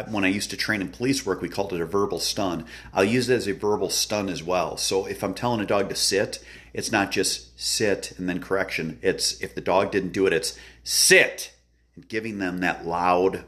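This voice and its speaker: A man with a very deep voice explains dog training in an earnest, instructional way. He keeps coming back to the same points and acts out the sharp commands and praise he gives to dogs. His voice is loud and booming. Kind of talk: instructional talk.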